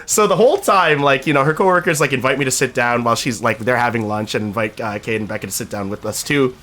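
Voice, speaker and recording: A man streamer telling a story in casual chat, animated and laughing often, with lots of "like" and "right?". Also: mid-range voice, fast.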